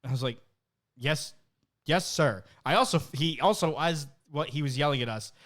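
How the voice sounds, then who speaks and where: A man's voice: fairly high pitch, moderate pace, fairly bright tone. A man from New Jersey, co-hosting a podcast and telling a story in casual, profanity-laced chat. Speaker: podcast co-host.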